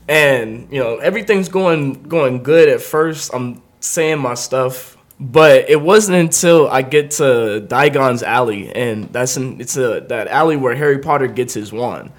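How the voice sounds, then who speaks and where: A man's voice: medium pitch, a little slow, hardly any pauses. A young man hosting a podcast, telling a comedic story in a casual way, laughing often and acting out the voices of the people he quotes. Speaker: podcast host.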